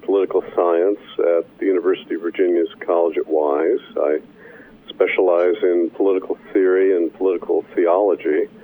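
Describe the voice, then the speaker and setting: Male guest on a phone line, very low voice, measured and hesitant. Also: little pitch movement, slightly rough. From Wisconsin. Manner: measured, hesitant with many fillers. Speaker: guest, professor and minister. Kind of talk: radio interview answers. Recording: phone-line radio call.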